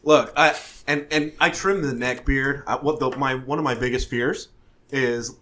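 A man chatting casually with friends, telling stories in an animated way and laughing often. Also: mid-range voice, moderate pace, a little hiss or hum. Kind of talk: casual chat among friends.

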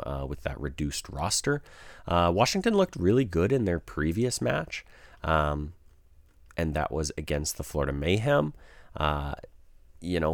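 Deep-voiced man giving casual esports picks. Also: dry recording, clean studio sound. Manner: conversational, thinks aloud, changes picks mid-sentence. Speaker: esports commentator. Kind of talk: casual esports predictions talk.

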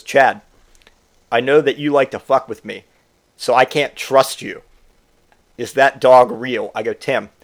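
A young man telling a funny personal story in casual storytelling style, acting out his friend's lines. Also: medium pitch. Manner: animated, acts out drunk friend's lines.

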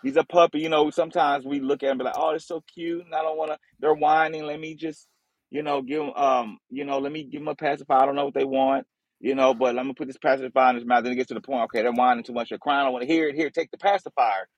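Brief: man, mid pitch, dry close sound, relaxed and joking co-host. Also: fast talker, dry recording, dull audio. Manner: joking, relaxed, informal speech. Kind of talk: casual chat.

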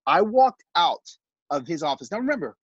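A middle-aged man appears as a podcast guest, telling a personal story in an animated, heartfelt, casual way while stumbling over fillers. His husky voice sits a little high and moves at a normal speed, and the recording is dry, slightly dull, and free of echo.

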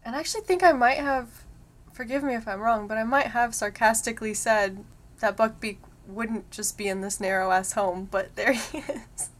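Soft-spoken female podcast co-host. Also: on the high side, moderate pace. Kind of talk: casual chat.

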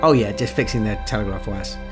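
Bloke chatting at a game table, joking about himself, music under it. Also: male voice, on the low side, fast. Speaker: game master. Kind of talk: casual chat at a gaming table.

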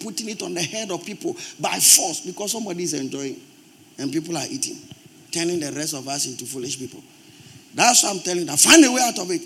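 A male pastor with a Ghanaian English accent preaches a sermon in church in a notably high voice. He speaks emphatically, pressing his points and swelling into loud, forceful bursts.

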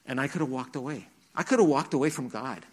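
A man's voice: medium pitch, expressive, fast. Middle-aged guy preaching to teens in church, earnest, tells his story and acts out the voices. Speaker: youth speaker. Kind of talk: sermon testimony.

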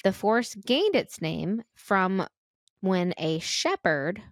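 An American woman co-hosting a podcast, chatting casually and retelling a spooky story, animated and giggly. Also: mid-range voice, takes it slowly, no echo, studio quality. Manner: animated and giggly, acts out reactions. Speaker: podcast co-host.

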